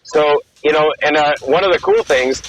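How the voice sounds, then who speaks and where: A man in his thirties, a former Marine and fighter, telling stories in a fast, profane, excited way and acting out what people said. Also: fairly high pitch, a little hiss or hum, rough recording. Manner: fast, profane, excited storytelling with acted-out quotes. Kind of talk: casual interview storytelling.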